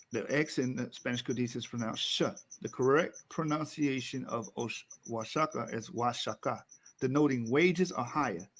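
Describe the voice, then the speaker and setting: A man presenting slides as co-host, lecturing in an emphatic way and repeating key words. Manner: emphatic, repeats key words, rises in pitch when driving a point home.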